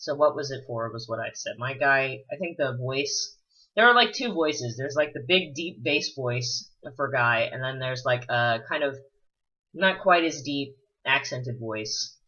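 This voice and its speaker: A man's voice: mid-range voice, lively intonation, a little slow, pushed and bright. A man giving rambling, casual let's-play commentary full of fillers and the odd swear word. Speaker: gameplay commentator. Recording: dull lo-fi recording.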